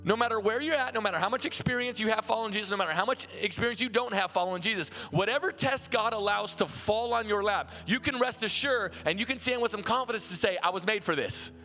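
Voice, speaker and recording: A man's voice: high-pitched, quick pace, few pauses, in a large hall, faint music behind. A man preaching a sermon as pastor, telling stories in a loose, conversational way with lots of restarts, recorded live in a large church. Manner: conversational, animated storytelling with many restarts.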